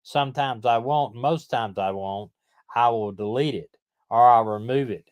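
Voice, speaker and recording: A man's voice: mid-range voice, normal speed. A man hosting a casual livestream chat, blunt and often restarting his sentences. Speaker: livestream host, retired detective.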